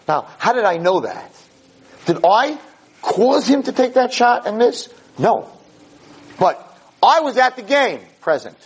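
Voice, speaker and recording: A man teaching a Torah class to a live audience, animated and explaining with everyday stories and questions to the room. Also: sits high, husky, rough recording. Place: in front of an audience.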